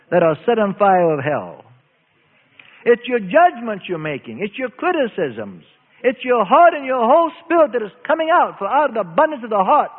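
A man preaching a sermon, slow and emphatic, stretching out his phrases. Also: very high-pitched. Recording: phone-like audio in a reverberant hall.

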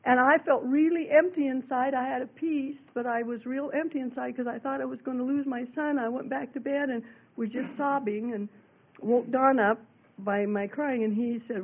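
A middle-aged woman preaches and tells her own testimony in an earnest, conversational way, full of "you know"s. Her voice sits high. The sound is thin and narrow, like an old radio broadcast heard over a phone line. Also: steady tone, moderate pace, a little hiss or hum. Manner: earnest, conversational storytelling with many fillers. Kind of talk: sermon and personal testimony.

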